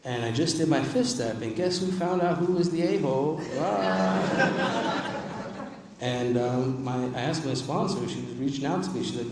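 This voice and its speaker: A man's voice: mid-range voice, sing-song, moderate pace, a little hiss or hum. A man giving a personal recovery testimony to a live convention audience, talking in a conversational, emphatic way and repeating key lines for the crowd. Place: large convention hall. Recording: distant echoey convention hall recording.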